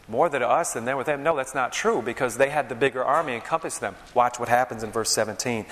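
A man's voice: mid-range voice, fairly quick, few pauses, a bit bright. A man preaching a sermon, telling vivid stories and checking in with the crowd with "okay?" and "all right?". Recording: long reverb in a large hall.

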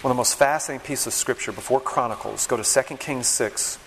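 A man's voice: medium pitch, fast, a bit bright, a little hiss or hum. A man preaching a sermon, telling vivid stories and checking in with the crowd with "okay?" and "all right?". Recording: long reverb in a large hall.

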